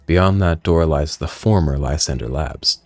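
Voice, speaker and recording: A man reading out a video game's dialogue in a put-on deep voice, playing a solemn former member of a villain group. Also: a little slow, gravelly, dry recording, soft background music, exaggerated voice. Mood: ominous. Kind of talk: reading game dialogue aloud.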